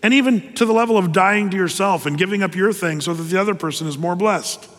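A man preaching a sermon in an earnest, conversational way, with pauses and restarts. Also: high voice, fairly bright tone, in a large hall. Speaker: pastor.

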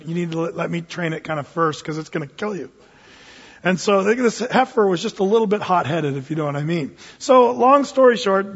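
A man preaching a sermon, telling a folksy personal story with lots of fillers and restarts, recorded in a church sanctuary. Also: sits high. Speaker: pastor. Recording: dull recording in a reverberant hall.

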